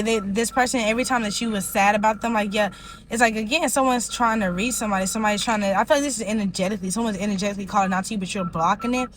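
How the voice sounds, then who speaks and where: A woman's voice: medium pitch, a little hiss or hum, low-quality recording. A woman giving a casual tarot reading in a rambling way, leaning heavily on filler words. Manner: rambling, heavy use of "like" fillers. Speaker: tarot reader.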